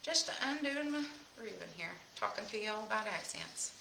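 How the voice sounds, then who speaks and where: A woman's voice: mid-range voice, animated, normal speed, gravelly, sharp tone, slight background noise. A woman from Tennessee with a Southern hill-country accent, hosting a casual live craft demonstration and chatting folksily with viewers. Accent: Southern US, Tennessee hills. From Tennessee, USA. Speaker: craft host. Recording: roomy echo.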